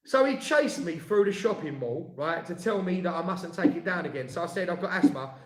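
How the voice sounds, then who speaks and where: A man's voice: high voice, animated, a little fast, noisy background. A man telling an indignant story in casual chat, with lots of restarts. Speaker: co-host. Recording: echoey room.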